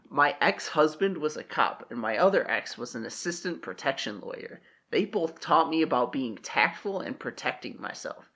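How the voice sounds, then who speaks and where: A young man with a gravelly, creaky edge and a bright, forceful tone. He reads posts and trades sarcastic jokes as a comedy podcast co-host. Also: fairly high pitch, big pitch swings, moderate pace, few pauses. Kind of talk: comedic reading and banter.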